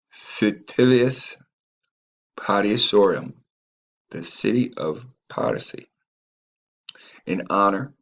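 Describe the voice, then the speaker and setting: Slow, deep-voiced man reading and ranting. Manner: profane, rambling, stumbles over names. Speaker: channel host. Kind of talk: reading aloud and commenting.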